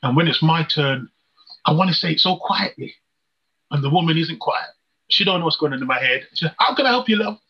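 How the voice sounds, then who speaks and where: A preacher with a husky, somewhat high voice, working rhetorical questions into an earnest personal testimony. The recording is dull and lo-fi. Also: male voice, brisk.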